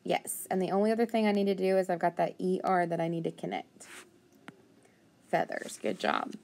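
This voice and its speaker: A woman teaching a phonics lesson, thinking aloud and patiently sounding out words, with steady praise. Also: on the low side, fast talker, creaky.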